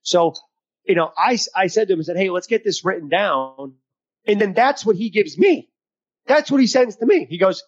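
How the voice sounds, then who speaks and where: A man's voice: high-pitched, expressive, normal speed, husky, highs cut off. A man co-hosting a podcast as a mental performance coach, talking with emphatic coaching energy over a video call. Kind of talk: casual podcast chat.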